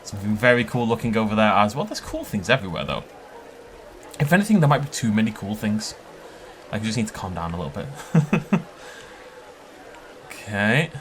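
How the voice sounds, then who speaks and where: Excitable man, lively voice. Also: fairly low pitch, moderate pace, pauses often, a little hiss or hum. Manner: excitable, chatty, laughs often. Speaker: game park tour host. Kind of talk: casual gameplay commentary.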